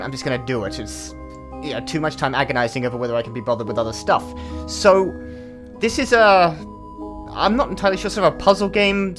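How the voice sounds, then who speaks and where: A man's voice: on the high side, a bit bright. A man with an Australian accent giving casual let's-play commentary, rambling and thinking aloud with many fillers. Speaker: gaming channel host.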